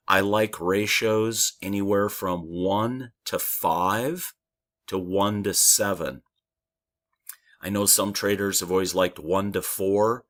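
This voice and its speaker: A man recovering from a lost voice and sore throat, talking loosely through a software tutorial with many fillers. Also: deep voice. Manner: loose, rambling, thinks aloud with fillers. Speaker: trading software instructor. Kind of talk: casual screen-share tutorial.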